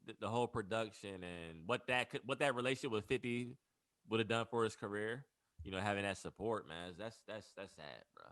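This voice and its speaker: A man's voice: on the low side, fairly quick, a bit bright. A young man co-hosting a podcast, chatting expressively with friends and often repeating words. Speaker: podcast co-host. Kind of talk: casual chat.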